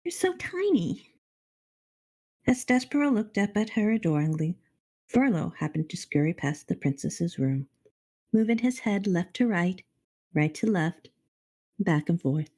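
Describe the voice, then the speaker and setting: Expressive woman reading a children's book. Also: fairly low pitch, moderate pace. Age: middle-aged. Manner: expressive, addresses the reader directly, self-deprecating asides. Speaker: storybook reader on a charity stream. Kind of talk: reading a children's novel aloud.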